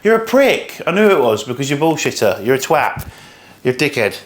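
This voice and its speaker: A young man rambles quickly as he cooks, peppering his talk with swearing. He sounds worn out from the day. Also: mid-range voice, big pitch swings. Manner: swears a lot, rambling and fast. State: tired. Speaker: fitness coach. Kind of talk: casual cooking vlog.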